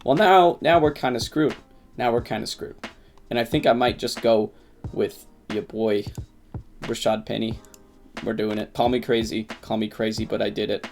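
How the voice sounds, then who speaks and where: A man giving casual, excitable commentary on his fantasy football draft, who swears at picks. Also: on the low side, moderate pace, creaky, soft background music. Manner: says he slipped into a put-on accent.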